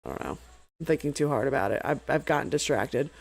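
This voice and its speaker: A young woman doing casual live play-by-play of a baseball game, chatty and easily sidetracked, swearing freely between pitches. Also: animated, fast, vocal fry. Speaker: play-by-play streamer.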